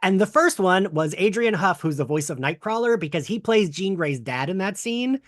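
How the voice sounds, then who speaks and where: A man hosting a casual podcast chat, talking in a rambling, animated way with lots of fillers. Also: sits high, moderate pace, no echo, clean studio sound. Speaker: podcast host.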